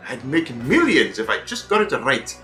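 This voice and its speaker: An actor voicing an elderly, wealthy cartoon duck with a Scottish accent, heard as game audio. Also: male voice, medium pitch, big pitch swings, moderate pace, sharp tone, faint music behind. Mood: brisk. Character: elderly rich Scottish duck tycoon, brisk.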